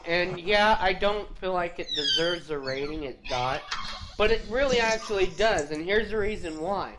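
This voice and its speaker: Excitable male gamer, casual streaming chatter. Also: sits high, background noise. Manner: excitable, bursts of "ooh" and repeated "really?". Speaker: streamer racing on a game livestream. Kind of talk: casual live-stream chat while gaming.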